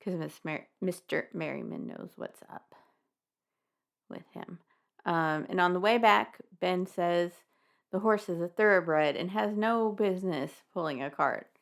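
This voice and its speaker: Creaky-voiced woman recapping a book. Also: on the low side, a little slow. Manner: wry, laughing, swears casually. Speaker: podcast co-host. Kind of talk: casual chat recapping a children's book.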